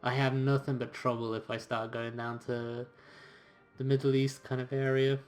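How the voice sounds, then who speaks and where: A man reading a video game's narrative aloud between casual asides. His voice is mid-pitched and easygoing, with a relaxed reading manner. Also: normal speed, soft background music. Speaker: gamer reading a story game aloud. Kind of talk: casual let's-play commentary and reading aloud.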